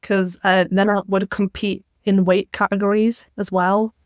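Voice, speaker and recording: A young woman talks casually as a podcast guest. She tells her stories in a chatty way and slips into the voices of people she quotes. Her voice sits in a middle pitch, recorded close and dry. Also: level tone, unhurried, clear, resonant tone, no room sound. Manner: chatty storyteller, acts out quoted exchanges.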